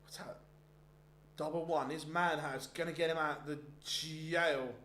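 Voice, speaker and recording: A man's voice: fairly high pitch, steady tone, unhurried, pushed and bright, slight background noise. A man hosting a darts stream, chatting casually and rambling with frequent restarts between bits of live commentary. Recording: roomy echoey sound.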